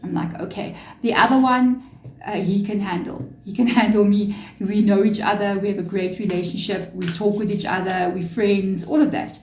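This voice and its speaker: A woman's voice: medium pitch, fairly even intonation, normal speed, a little mellow, reverberant, slight background noise, poor audio. A woman giving a chatty, earnest tarot reading to her viewers, with spiritual asides. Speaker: tarot reader.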